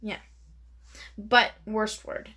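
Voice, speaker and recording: A woman's voice: mid-range voice, level tone, pushed and bright. A woman from Karnataka in India, a native Kannada speaker, co-hosting a casual chat with a playful, giggly manner. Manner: playful, giggly, drawn-out delivery. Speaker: podcast co-host.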